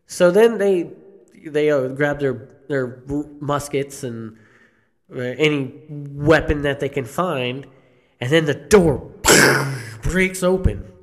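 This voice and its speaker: Slow, halting man telling a horror tale. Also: a little high. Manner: slow, halting, with restarts and coughs. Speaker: storyteller. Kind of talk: live horror storytelling on stage. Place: theater stage before an audience.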